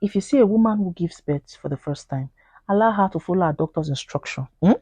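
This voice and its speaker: A woman's voice: on the low side, quick pace, husky, no echo. A woman with a Nigerian accent talking casually to camera in a vlog, earnest and pleading, acting out quoted people in Pidgin. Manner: animated, acts out quoted voices in Pidgin. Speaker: vlogger.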